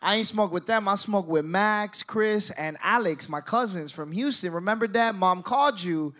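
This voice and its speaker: A young man telling a story in an animated, profane way, acting out other people's voices. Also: sits high, normal speed. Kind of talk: storytelling monologue.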